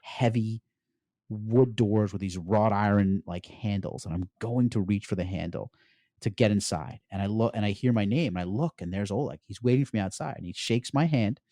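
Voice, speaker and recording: A middle-aged man from the United States, a podcast guest recounting his story in an animated way and often saying "like". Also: on the low side, normal speed, no room sound, studio quality. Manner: animated storyteller, peppers speech with "like". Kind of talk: storytelling interview.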